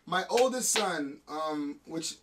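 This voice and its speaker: A man's voice: a little high, slow, distant mic, a little hiss or hum. A man, a music producer, chatting in an interview, telling family stories with laughs and some emotion. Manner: emotional, laughing, animated storytelling. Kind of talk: casual interview chat.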